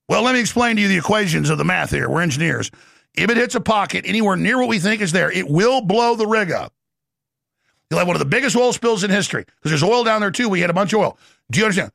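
Gravelly ranting man, high voice. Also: animated, quick pace, no room sound, clean studio sound. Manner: gravelly, shouting, mocking impressions. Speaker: political talk show host. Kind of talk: ranting political commentary.

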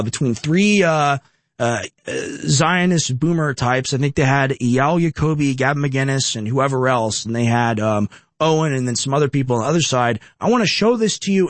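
A man's voice: medium pitch, no room sound. Young man ranting on political talk. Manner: emphatic, ranting, repeats rhetorical questions. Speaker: political commentary host. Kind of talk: opinionated political commentary.

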